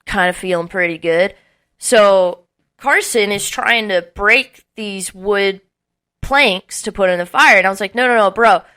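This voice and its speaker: A young woman with a bright, clear voice tells a rowdy story in casual podcast chat. She swears freely and acts out what people said with lively bursts. Her pitch sits in a middle range for a woman. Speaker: podcast co-host.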